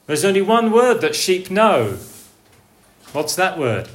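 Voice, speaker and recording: A man preaching a sermon, asking his listeners rhetorical questions and swinging between soft, hushed lines and raised, calling ones. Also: high voice, big pitch swings, slow, pauses often.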